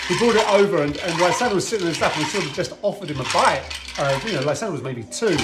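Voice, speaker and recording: A man hosting a casual home cocktail demo, talking in a chatty, rambling way with joking asides to a friend. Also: a little high. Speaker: home cocktail video host. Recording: roomy echo, faint music.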